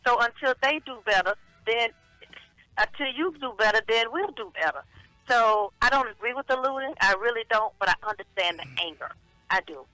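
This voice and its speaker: A woman co-hosting a casual talk radio show, speaking in a measured, reflective way with affectionate greetings. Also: fairly high pitch, animated, bright, forceful tone, no room sound, poor audio. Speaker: show regular and co-host.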